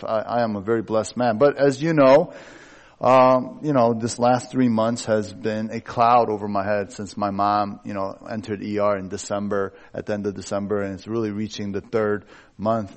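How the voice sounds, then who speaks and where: Middle-aged pastor preaching in a candid way. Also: male voice, fairly low pitch. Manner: candid, personal and self-joking. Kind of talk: conversational sermon.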